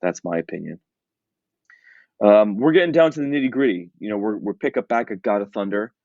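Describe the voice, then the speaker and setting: A man's voice: lowish voice, lively intonation, fairly quick, gravelly, darkish tone, no room sound, highs cut off. A man co-hosting a podcast in casual chat, rambling and chatty with many fillers and restarts. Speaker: podcast co-host.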